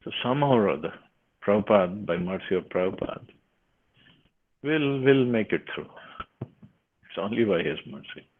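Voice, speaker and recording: A man's voice: fairly low pitch, expressive, moderate pace, long pauses. A man giving a scripture class, reading verses and then explaining them with frequent restarts. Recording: tinny phone-like line.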